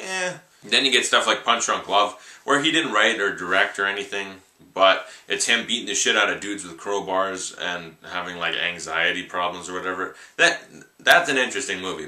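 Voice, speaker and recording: A young man talks through a film review in a loose, offhand ramble that leans on "like". His voice sits fairly low but sounds very bright. The room is echoey. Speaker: movie reviewer. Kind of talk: casual spoken film review.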